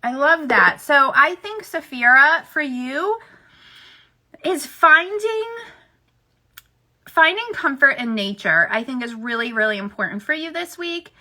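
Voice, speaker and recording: A woman's voice: high-pitched, expressive, a little slow, sharp tone. A woman giving a chatty livestream tarot reading, talking to viewers and laughing often. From United States. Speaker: tarot reader.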